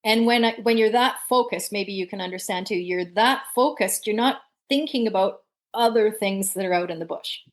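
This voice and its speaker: A woman guest telling a story in conversation, lively and laughing often. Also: mid-range voice, moderate pace. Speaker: podcast guest.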